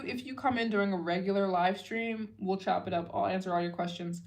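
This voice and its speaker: A tired young woman hosts a late-night livestream, talking loosely to her viewers. Her speech wanders with fillers and restarts, often sinking to a low, sleepy murmur before she perks up again. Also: fairly quick. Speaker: travel vlogger hosting a fundraiser livestream.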